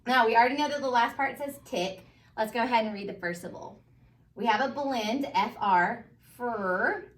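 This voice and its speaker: A woman with a Southern US accent, teaching a phonics review to first graders in a patient, encouraging way, sounding words out slowly. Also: on the high side. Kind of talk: phonics lesson for young children. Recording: echoey room, voice a bit far from mic.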